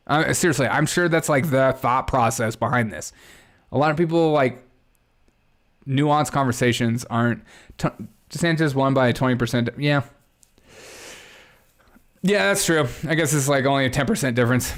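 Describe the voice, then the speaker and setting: A man's voice: mid-range voice, moderate pace. A man hosting a casual political commentary livestream, reacting to clips with sarcasm and frequent laughter. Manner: sarcastic, laughs often, thinks aloud.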